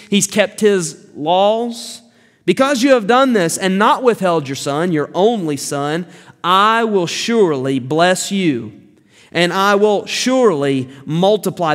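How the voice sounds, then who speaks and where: High-voiced preacher in a reverberant hall. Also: male voice. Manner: emphatic, repeats key phrases. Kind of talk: sermon. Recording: long reverb of a large hall.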